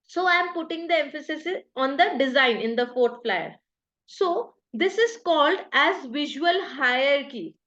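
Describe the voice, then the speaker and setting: A woman's voice: high-pitched, fairly bright tone, highs cut off. A woman with an Indian English accent teaching an online design workshop over a video call, patiently explaining ideas step by step with examples. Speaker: workshop trainer.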